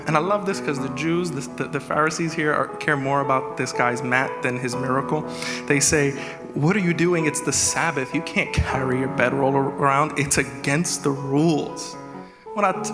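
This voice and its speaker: A man preaching a sermon as executive pastor, animated, acting out prayers in a raised voice. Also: fairly high pitch. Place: church hall. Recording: live church hall with reverb and music.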